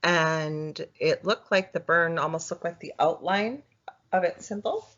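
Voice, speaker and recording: Podcast guest, woman, low pitch, halting and chatty. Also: fairly bright tone. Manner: halting, many fillers and restarts. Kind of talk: casual storytelling interview. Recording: dull lo-fi audio.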